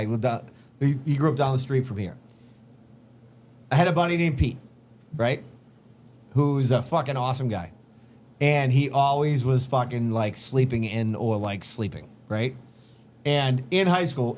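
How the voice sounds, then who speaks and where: A man's voice: medium pitch, a little hiss or hum. A man hosting a podcast, telling neighborhood stories in a loose, profane way and acting out his friends' lines. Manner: profane, animated storyteller who acts out friends' lines. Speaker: podcast host. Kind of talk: casual storytelling chat.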